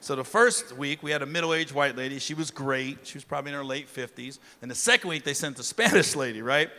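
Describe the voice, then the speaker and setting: A middle-aged man performing a profane, swaggering stand-up comedy set, acting out shouted quotes, on stage with a handheld mic. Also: mid-range voice, fairly quick, in a large hall. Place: comedy stage before a live audience. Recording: live room with crowd laughter and noise.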